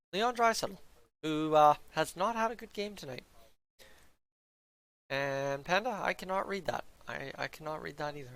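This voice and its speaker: Bright-voiced, rambling male fan streamer. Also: on the high side, smooth, dry recording. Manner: rambling, talks to the chat, stumbles over names. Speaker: fan streamer reacting to a hockey game. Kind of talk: casual live-stream chat. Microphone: headset mic he flips up to mute.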